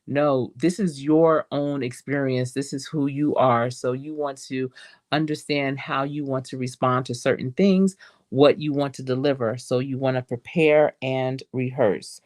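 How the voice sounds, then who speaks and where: A woman's voice: extremely low pitch, steady tone, measured pace, a little mellow. A middle-aged woman, a career coach, hosting a casual advice podcast in a conversational, encouraging way. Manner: conversational and encouraging, with frequent "you know" and restarts.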